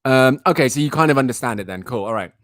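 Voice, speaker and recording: A man's voice: medium pitch, expressive, fast, fairly bright tone, dry recording, clean studio sound. A young man hosting a live talk stream, telling a rambling, exasperated story and repeating himself for emphasis. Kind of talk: casual ranting anecdote.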